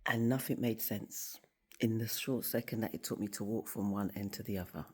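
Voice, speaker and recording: A woman talks at normal speed in a slightly rough bass voice. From her office, the school employee and faith vlogger tells a story during a casual motivational piece to camera, bringing it to life by acting out the voices of those she quotes.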